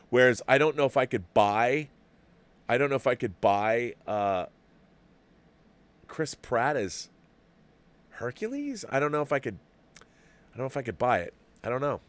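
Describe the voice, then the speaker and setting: A middle-aged man hosts a movie talk show, rambling casually as he reads viewer messages on a livestream, often restarting and repeating words. His medium-pitched voice is a bit bright, clear, and resonant, with no room sound.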